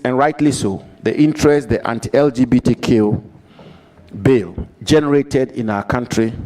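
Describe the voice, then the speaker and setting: A man puts questions to a nominee in a formal committee hearing. He speaks in a measured way and repeats his key phrases for emphasis. His pitch sits in the middle for a man. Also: mellow, rough recording. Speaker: committee member asking questions. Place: parliamentary committee hearing room.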